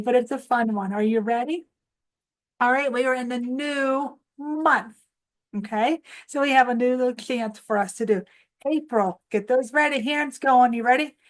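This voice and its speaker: A woman hosting a children's morning lesson, coaxing little ones through clap-along chants and answering her own questions for them. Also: on the high side. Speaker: preschool teacher host.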